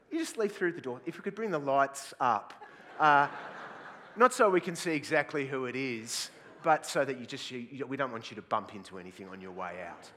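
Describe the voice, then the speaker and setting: Jokey Australian preacher in a big hall. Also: male voice, mid-range voice, a bit bright, slight background noise. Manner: jokey, self-mocking, laughs at own jokes. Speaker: pastor. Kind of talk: sermon. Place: large church hall. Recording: long hall reverb.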